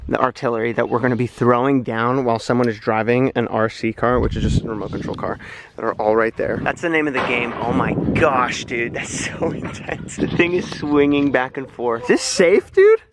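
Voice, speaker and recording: An excitable man chatting casually in an outdoor vlog on a small handheld camera, laughing often. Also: mid-range voice, brisk. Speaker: vlogger. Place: outdoors at a tower site. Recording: outdoor crowd noise.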